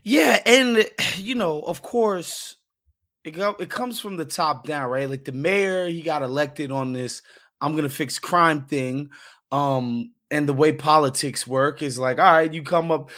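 A man hosting a casual conversation, asking animated, profane questions. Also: a little high, a little slow. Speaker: podcast host.

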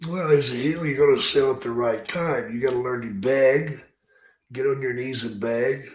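A man in his own podcast talks in a blunt, swearing, opinionated way at a mid-range pitch. His voice sounds roomy and echoey. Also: normal speed. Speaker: podcast host. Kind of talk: casual podcast interview. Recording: roomy echo.

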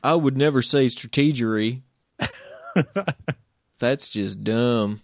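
A man's voice: medium pitch, slow, gravelly, dry recording. A man co-hosting a podcast, trading dry, wry one-liners and laughing often. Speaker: podcast co-host. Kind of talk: casual chat.

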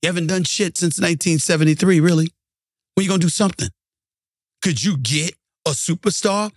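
A male sports-talk host with a slightly high voice delivers an emphatic, heated monologue. He hammers his points with repetition. The sound is dry and close-miked. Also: a little fast, no room sound. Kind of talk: ranting sports commentary monologue.

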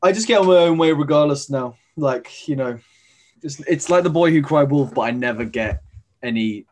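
A man's voice: fairly high pitch, moderate pace, a little mellow. A man, a stage actor, chatting as an interview guest over a video call, rambling with many fillers and restarts.

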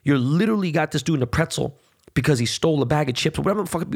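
A man's voice: a little high, lively intonation, very fast, creaky, husky. A man hosting a podcast, talking bluntly and profanely in a heated, casual monologue. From United States. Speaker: podcast host.

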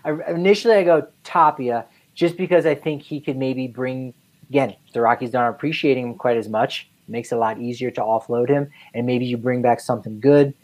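A woman's voice: very deep voice, a little fast, darkish tone, poor audio. A woman co-hosting a casual sports talk show, rambling and conversational with lots of fillers. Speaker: podcast co-host.

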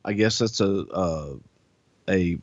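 A man's voice: sits low, slow, no echo, lo-fi sound. A man hosting a podcast, telling stories in a casual, profane, laughing way. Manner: animated, profane, laughing storyteller. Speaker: podcast host. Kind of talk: casual storytelling.

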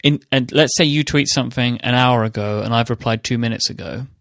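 A man's voice: medium pitch, brisk, creaky, a bit bright, no room sound, clean studio sound. A man hosting a podcast, chatting in a friendly, teasing way. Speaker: podcast host. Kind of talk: casual chat.

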